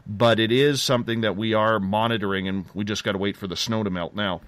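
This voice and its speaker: A middle-aged man tells a story as a radio interview guest, and his excitement keeps getting ahead of him, so he restarts sentences and jumps back. His voice sits low, and the sound is dry with no room around it. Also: quick pace, no room sound. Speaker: interview guest, field investigator.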